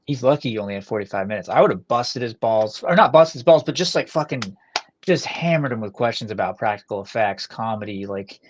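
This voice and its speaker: A man co-hosting a podcast, talking in a rambling, animated way with fast bursts and lots of swearing. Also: on the low side, background noise. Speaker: podcast co-host. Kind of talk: casual chat with heavy swearing. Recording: dull lo-fi dry sound.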